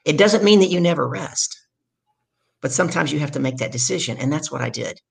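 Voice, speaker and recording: A woman from the Deep South, a guest on a podcast, telling her story in a loud, energetic way. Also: fairly quick, vocal fry, husky. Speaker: guest, leadership coach.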